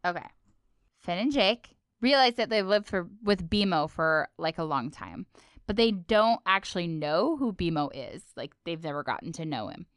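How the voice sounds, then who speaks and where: Female podcast co-host, chatty and giggly, smooth clear voice. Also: on the low side, lively intonation, normal speed, no room sound, studio quality. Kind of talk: casual podcast chat.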